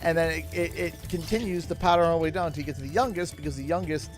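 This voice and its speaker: A man in his thirties from Canada chats casually during a livestream, sitting in his home office. His voice sits a bit high, and he wanders through rambling stories with frequent chuckles. Game music plays clearly behind him. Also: steady tone, rapid-fire. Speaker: gaming streamer.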